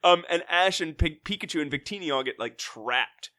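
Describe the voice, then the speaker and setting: A man's voice: on the high side, moderate pace. A man co-hosting a podcast, recapping a movie in casual chat, swearing and mocking the plot. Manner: animated, swears, mocks the plot with put-on character voices. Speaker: podcast co-host.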